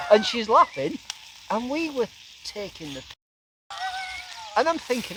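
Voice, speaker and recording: A middle-aged man spins an animated campfire yarn, slipping into quoted voices, his own voice sitting fairly high. Food sizzles over a fire, and outdoor hiss comes through clearly on this noisy recording. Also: measured pace, pauses often. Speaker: guest camper. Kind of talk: casual storytelling by a campfire. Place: outdoors at a lakeside camp.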